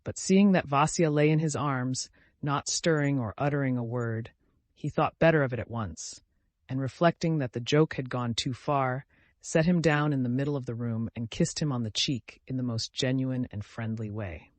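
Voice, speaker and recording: A man narrating a classic story for an audiobook, in a measured way. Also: mid-range voice, dry recording. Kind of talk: scripted narration.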